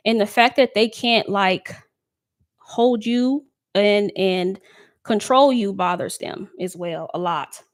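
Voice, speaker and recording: A woman doing a relaxed live tarot love reading for her viewers. She talks in a loose, conversational way, reads out their comments and breaks into laughter often. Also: medium pitch. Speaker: tarot reader.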